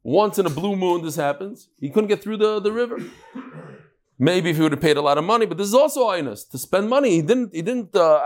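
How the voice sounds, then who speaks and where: A man's voice: sits high, expressive, fast. A man giving a casual Talmud class lecture, mixing in Hebrew and Yiddish terms and telling anecdotes. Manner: tells jokes and anecdotes. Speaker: Talmud teacher.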